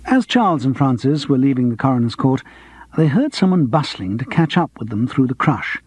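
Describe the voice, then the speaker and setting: A husky-voiced man narrates an audiobook in a lively, animated way, his pitch rising and falling freely. The recording is close and dry, with no room sound. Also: brisk, no echo. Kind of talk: scripted narration.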